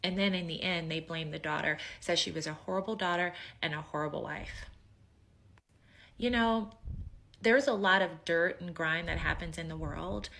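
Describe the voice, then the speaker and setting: A woman's voice: lowish voice, steady tone, moderate pace, creaky, a bit bright. A woman giving emphatic, judging commentary on someone else's story. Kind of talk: reaction commentary.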